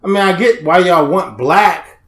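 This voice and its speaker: Male podcast co-host, lively high-ish voice, swears freely, roomy echo. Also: unhurried. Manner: animated storyteller, swears, acts out voices. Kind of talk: casual chat.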